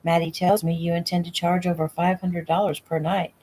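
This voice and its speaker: A woman's voice: on the low side, level tone, brisk, darkish tone, a little hiss or hum, close to an everyday voice, low-quality recording. A woman reading the lines of an easygoing, teasing young rancher man, in a casual audiobook reading at home. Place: home room.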